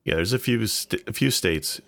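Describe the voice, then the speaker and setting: A man's voice: lowish voice, lively intonation, moderate pace, fairly bright tone, dry recording. A man from Canada chatting casually and laid-back on a podcast. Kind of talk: casual chat.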